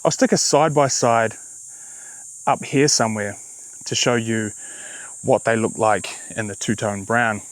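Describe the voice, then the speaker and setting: A man with a New Zealand accent giving a relaxed, chatty review of a small motorbike, with fillers and self-corrections. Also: fairly low pitch, a little slow, long pauses, no echo, low-quality recording. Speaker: vlogger. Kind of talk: casual vehicle review.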